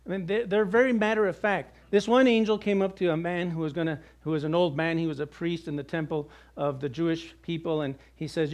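A man's voice: fairly high pitch, steady tone, fairly quick, few pauses, darkish tone. A man preaching a sermon in a conversational way, with jokes and acted-out quotes. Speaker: pastor.

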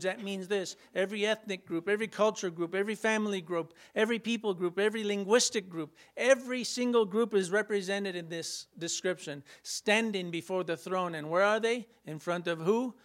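High-voiced man preaching a sermon. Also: moderate pace. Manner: animated, acts out Bible scenes with playful humor.

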